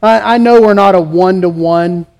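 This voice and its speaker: Male pastor with a high voice, preaching emphatically and questioning his listeners. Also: moderate pace, creaky, darkish tone, smooth. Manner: emphatic, rhetorical questions, acts out quoted voices. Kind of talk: sermon.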